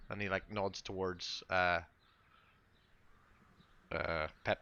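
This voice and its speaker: Bright-voiced male game master. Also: low voice, level tone, slow, clear, resonant tone, muffled recording. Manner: loose, rambling narration with many fillers. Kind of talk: narrating a tabletop game.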